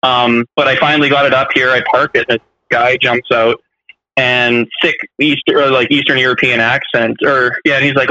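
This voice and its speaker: A man's voice: mid-range voice, bright, forceful tone, no echo, low-quality recording. A man telling rambling stories in casual chat, full of fillers and restarts. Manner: fast, rambling storyteller with many fillers.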